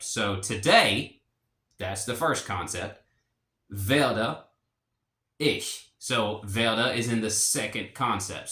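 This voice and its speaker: A man explaining a language lesson in a relaxed, rambling way, with fillers and restarts. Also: medium pitch, echoey room. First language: English. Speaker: language teacher.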